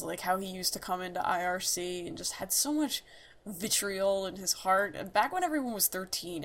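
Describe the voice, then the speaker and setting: Casual chat fills this podcast, where a young female co-host spins animated stories and laughs a lot. She has a mid-range voice, with slight background noise.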